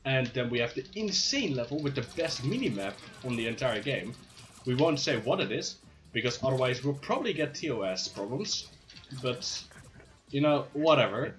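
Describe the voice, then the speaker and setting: A man's voice: medium pitch, big pitch swings, normal speed, a bit bright. A man commentating his own speedrun live, playful and hyped, with jokey asides.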